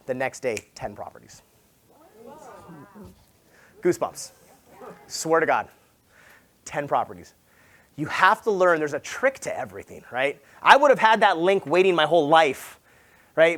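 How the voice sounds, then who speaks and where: A man from Southern California giving a motivational talk at a sales summit, telling stories casually, full of "like" and "right?", and acting out quoted lines with sudden loud jumps. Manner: animated, acts out quoted dialogue with big jumps in pitch and volume. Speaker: real estate agent speaking at a sales summit. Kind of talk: energetic motivational keynote storytelling.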